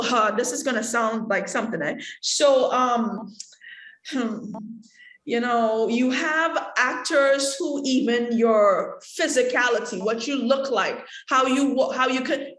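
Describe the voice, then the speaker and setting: A woman from the Caribbean teaching an acting workshop, talking straight to the room and acting out examples as she goes. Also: on the high side. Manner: animated, talks to the room, acts out examples. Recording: echoey room.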